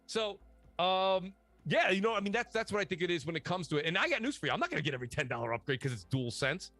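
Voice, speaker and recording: A man chatting casually about video games, animated and slangy, telling stories with lots of asides. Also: sits high, fast, faint music behind. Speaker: podcast guest. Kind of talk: casual gaming chat.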